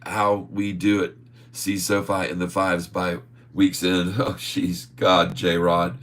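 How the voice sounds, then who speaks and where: With a low, slightly bright voice, a man hosts a casual stock-trading livestream, reading viewer comments aloud. He chuckles often and drifts into drawn-out, folksy asides.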